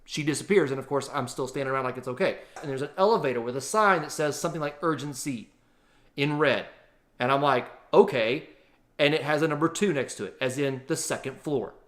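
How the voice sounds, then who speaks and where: A man telling a travel story in a casual, animated, exaggerated way to his vlog audience. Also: medium pitch, a little fast. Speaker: vlogger.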